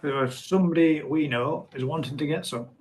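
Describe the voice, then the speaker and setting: A man's voice: on the high side, brisk, rough recording. A middle-aged man hosting a casual live stream from home, reading viewer comments aloud and laughing often.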